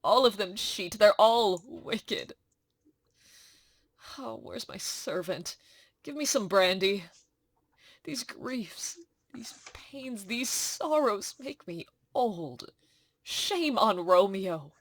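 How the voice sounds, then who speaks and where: A woman reading as a bitter, grieving older woman servant, in a slow, heavy dramatic reading for a class. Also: medium pitch, expressive, no echo, full character voice. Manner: slow, weary, heavy delivery.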